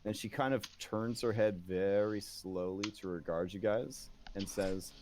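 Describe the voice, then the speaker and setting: Low-voiced male game master. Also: steady tone, a little slow, few pauses, a little mellow, soft background music. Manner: meandering, filler-heavy narration. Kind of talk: narrating a tabletop game.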